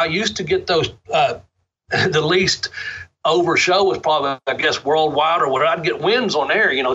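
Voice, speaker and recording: A man's voice: a little high, bright, forceful tone, breathy edge. A middle-aged man, a former pro wrestler, telling rambling, profane stories in a laid-back interview. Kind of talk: casual storytelling interview. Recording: dull lo-fi sound.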